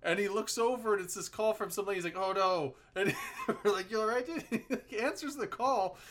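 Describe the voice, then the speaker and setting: A man in casual chat, telling an animated story and swearing freely. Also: high voice, brisk.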